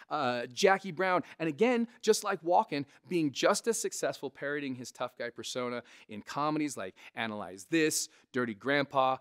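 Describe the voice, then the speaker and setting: A man with a resonant voice, a comedian casually teaching impressions to camera, animated and conversational. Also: a little high, clear, resonant tone. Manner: animated, conversational, frequent "right?" asides. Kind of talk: casual instructional talk to camera.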